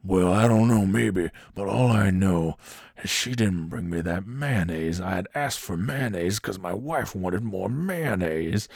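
Man doing a petty male coworker fixated on a grievance; slow drawl, gravelly low voice. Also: a little mellow, dry recording, studio quality. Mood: aggrieved. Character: fixated man coworker griping about mayonnaise.

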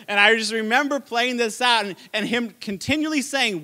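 A man preaching a sermon as pastor, telling a childhood story with animated delivery and laughter. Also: extremely high pitch, moderate pace.

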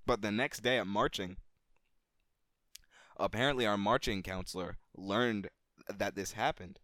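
A man co-hosting a podcast, telling a childhood story in a casual, animated way and swearing freely. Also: unhurried, no echo, studio quality. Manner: animated, gets louder and higher at the story's climax. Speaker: podcast co-host.

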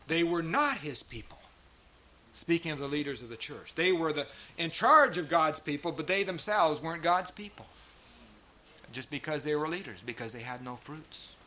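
A man preaches to a gathered congregation in a bright, forceful voice pitched a little high. He drives his points home with emphasis and keeps turning to the listeners with rhetorical questions. A faint hiss sits under the recording. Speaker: pastor. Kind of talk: sermon. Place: church meeting.

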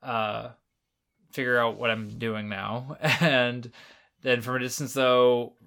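A casual podcast co-host, a man with a bright voice. He talks in a rambling way, keeps correcting himself and swears freely. His delivery is loose, like chatting with a friend. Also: medium pitch, little pitch movement, slow pace, gravelly. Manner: rambling, self-correcting storytelling with frequent swearing. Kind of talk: casual chat.

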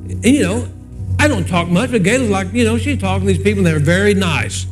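A man's voice: high-pitched, animated, fairly quick, faint music behind. A man in his sixties, a pastor, preaching a sermon in a folksy, conversational storytelling way and moving into prayer.

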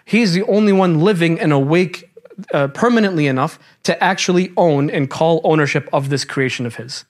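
High-voiced lively man teaching a class. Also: moderate pace. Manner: lively, quizzing the class, casual slang. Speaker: Quran teacher. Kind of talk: classroom lecture.

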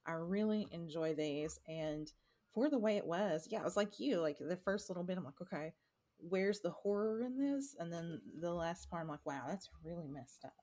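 A woman's voice: fairly low pitch, animated, normal speed, dark tone. A woman casually discussing a book, rambling with many fillers.

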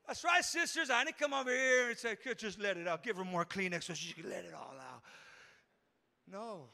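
A man preaching a fervent sermon as pastor, swinging from hushed passages to shouted ones and breaking into tongues. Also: sits high, lively intonation, moderate pace, creaky. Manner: speaks in tongues between phrases.

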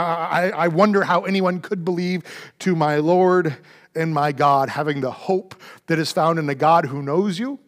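A man delivers a sermon in a church, his voice sitting high for a man. He preaches earnestly, building phrases through repetition and small restarts. His delivery swings between loud emphasis and near-whispered softness. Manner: earnest preaching, rises loud then drops very soft. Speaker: pastor.

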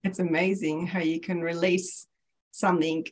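A woman guest sharing a personal faith story in casual chat, animated and laughing often, acting out the voices she quotes. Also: lowish voice, normal speed, slightly rough.

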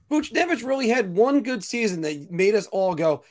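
Male show host, high voice, lively swoops, ranting, casual talk. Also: normal speed, hardly any pauses. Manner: animated, ranting. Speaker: podcast host.

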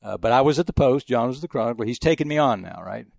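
Older texas guy, quick gravelly voice, rambling sports stories, dry room. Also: mid-range voice, lively intonation, a little mellow, dry recording. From El Paso, Texas. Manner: fast, rambling anecdotes with many restarts. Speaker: retired sports journalist. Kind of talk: interview storytelling.

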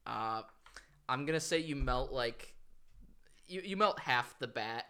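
A young man hosts a podcast and runs an improvised tabletop game. His pitch swings widely and his tone is bright and sharp, with frequent giggles and casual swearing. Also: unhurried, clear, resonant tone. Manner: animated and giggly, swearing freely. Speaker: podcast host and game master. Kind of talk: improvised tabletop role-play.

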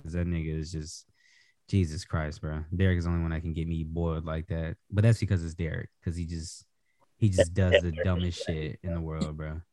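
A man's voice: deep voice, flat delivery, a little fast, warm tone. A man on a casual podcast, ranting with exasperated, emphatic slang about his brother. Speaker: podcast co-host. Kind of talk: casual banter.

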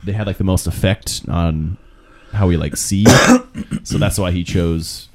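Deep-voiced man sharing trivia. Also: measured pace. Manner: relaxed, offering behind-the-scenes facts. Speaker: podcast co-host. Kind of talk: casual chat sharing trivia.

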